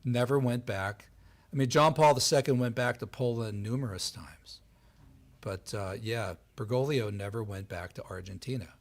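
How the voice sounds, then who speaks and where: A man giving a lively storytelling talk on history before an audience, acting out the voices of the people he quotes. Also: medium pitch, normal speed. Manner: animated, acts out quoted voices. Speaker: lecturer. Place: event hall before an audience.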